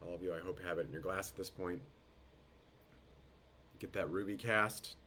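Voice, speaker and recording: Over a video call, a deep-voiced man hosts a live online wine tasting, unhurried and descriptive, greeting guests by name. He has a head cold that lowers his voice in the throat, and his tone is pushed and bright with fairly even intonation. A little hiss or hum runs underneath.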